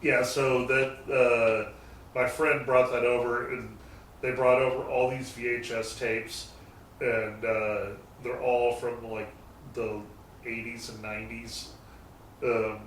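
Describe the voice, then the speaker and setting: A man's voice: mid-range voice, little pitch movement, takes it slowly, a bit bright, far from the mic. A man tells loose, meandering stories about his shop, dropping the occasional curse word. He sits some way from the mic in a roomy garage that echoes noticeably, and a faint noise hums underneath. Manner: rambling anecdotes with mild swearing. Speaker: guest, garage shop owner. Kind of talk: casual storytelling chat.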